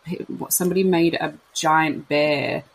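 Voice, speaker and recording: A woman's voice: deep voice, fairly even intonation, a little slow, vocal fry, a little hiss or hum, rough recording. A woman talks candidly about baby loss, rambling and acting out what her friends said. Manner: emotional, rambling, acts out quoted friends. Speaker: podcast host sharing her baby loss. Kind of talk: candid casual chat.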